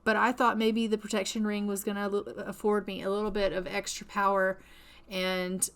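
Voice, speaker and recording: A frightened young vampire huntress in a life-sim story, as a woman puts her on, blurting out quick exclamations and going frantic when scared. Her voice sits in an ordinary middle register for a woman. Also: medium pitch, little pitch movement, fairly bright tone, clean tone, close to an everyday voice. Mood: apologetic.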